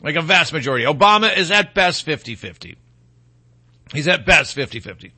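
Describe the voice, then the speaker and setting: A man with a Michigan accent hosts a political talk show, rambling from point to point with blunt opinions and folksy asides. His voice sits high and sounds very bright and sharp. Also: sing-song, brisk, breathy edge.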